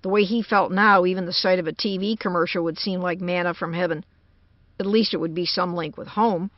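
A woman's voice: on the low side, no room sound. Woman reading a story aloud, lo-fi. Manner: measured, even storytelling. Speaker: narrator. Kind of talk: audiobook narration of a short story. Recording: dull lo-fi dry recording.

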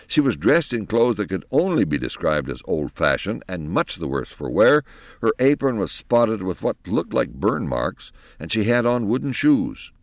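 Deep male storybook narrator, lively delivery, dry close sound. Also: no room sound. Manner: expressive, animated reading.

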